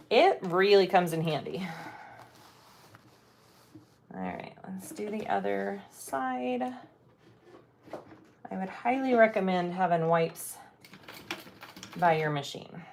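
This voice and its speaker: A middle-aged woman hosts a sewing livestream from her home sewing room, chatting with viewers in an easy, playful way. She talks at an unhurried pace at a mid-range pitch and laughs often as she reads comments aloud. A faint background hiss sits under her voice. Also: very animated. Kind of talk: casual livestream chat while sewing.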